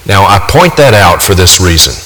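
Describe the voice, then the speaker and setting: A man preaches with a low, forceful, bright-edged voice that presses hard on each point. His words ring out with a long reverb, as if spoken in a large hall. He hammers his points home with emphatic repetition. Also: big pitch swings, normal speed. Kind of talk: sermon.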